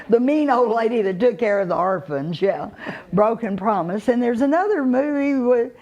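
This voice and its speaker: An older woman with a Texan drawl speaks slowly and in an unhurried way. She tells her stories in a folksy manner, chuckling and pausing on fillers as she goes. Her voice sits at a middle pitch. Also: a little mellow. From Texas. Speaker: actress telling her career story. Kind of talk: unhurried storytelling to a live audience.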